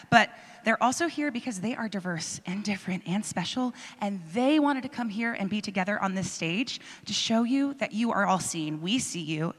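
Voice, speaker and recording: Bright-voiced woman hosting in a hall. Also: medium pitch. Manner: enthusiastic, emotional, rallying. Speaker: host. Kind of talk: energetic stage address to a young audience. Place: large auditorium stage. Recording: reverberant hall.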